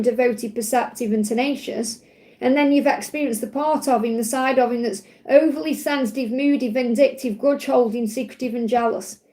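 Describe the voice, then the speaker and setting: A woman's voice: sits high, a little mellow. A woman doing a live-stream card reading, chatty and affectionate, with rambling asides. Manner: chatty and affectionate, addresses viewers with endearments; rambling, with frequent fillers and asides. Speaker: tarot card reader.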